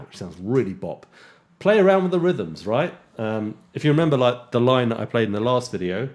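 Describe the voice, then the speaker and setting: A man teaching jazz guitar in a relaxed way, counting beats aloud and scatting rhythms. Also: lowish voice, fairly quick. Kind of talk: casual instructional talk with counting and scatting. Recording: guitar playing underneath speech. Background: loud guitar music.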